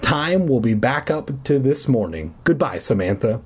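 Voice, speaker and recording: A man voicing a spooky, wish-granting woman who rushes along in a low, crude, impatient way. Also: very animated, slightly rough.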